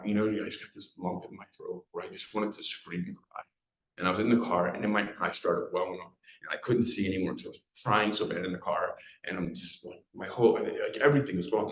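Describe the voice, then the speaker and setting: A deep-voiced guest speaker from South Philadelphia, USA, gives an emotional live personal testimony in an event hall before an audience. He tells his story with fast restarts and fillers, and the hall sounds echoey.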